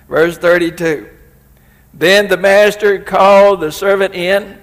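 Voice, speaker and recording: A man's voice: high-pitched, measured pace, pauses often. Preaching man in a reverberant hall. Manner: preaching with rising emphasis and quoted scripture. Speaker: pastor. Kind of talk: sermon.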